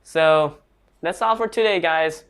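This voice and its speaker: A man's voice: fairly high pitch, fairly bright tone, clean tone. A man giving a casual online English lesson, speaking hesitantly with restarts and non-native grammar. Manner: slow, hesitant talk with restarts. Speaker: English teacher.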